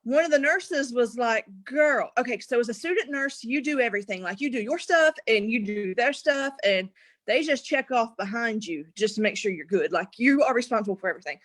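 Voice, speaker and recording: Lively young woman telling her story. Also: on the high side, a little fast, no echo. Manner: animated, acts out quotes, laughs often. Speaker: guest. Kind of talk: casual storytelling.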